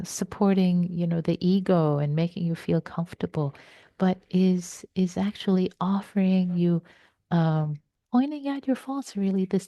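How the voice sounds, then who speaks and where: A woman meditation teacher giving a slow, reflective dharma talk in a soft voice, with some words whispered for stress. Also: lowish voice, vocal fry, no room sound, studio quality.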